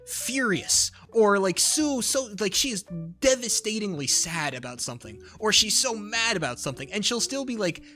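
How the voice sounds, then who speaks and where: Bright-voiced streamer ranting with profanity. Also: mid-range voice. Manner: animated, profane, mock-pretentious ranting; often breaks into laughter. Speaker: live streamer. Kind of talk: casual live-stream chat while gaming.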